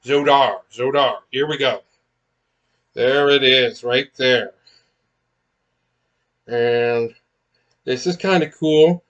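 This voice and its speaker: A man's voice: medium pitch, slow, pauses often, fairly bright tone, highs cut off. A man chatting casually as he unboxes miniatures, rambling with many fillers and restarts. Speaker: miniatures collector unboxing blind boxes.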